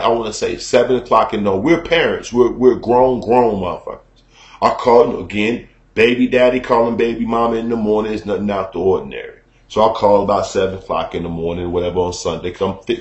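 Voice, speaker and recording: A man's voice: lowish voice, fast talker, echoey room, highs cut off. A man telling a personal story to his viewers as a profane, conversational rant, often checking in with the listener. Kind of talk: casual storytelling rant to camera.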